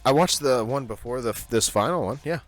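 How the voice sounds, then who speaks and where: Excitable young guy rambling on a podcast. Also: medium pitch, fairly quick, soft background music. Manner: rambling, excitable, says dude a lot. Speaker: podcast co-host. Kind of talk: casual chat.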